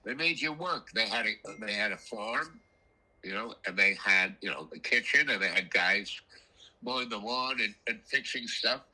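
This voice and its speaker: A man's voice: on the low side, moderate pace, low-quality recording. An older man telling rambling stories about his past in a casual chat, coughing now and then. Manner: rambling, animated, frequent coughs. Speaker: storyteller guest. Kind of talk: casual storytelling.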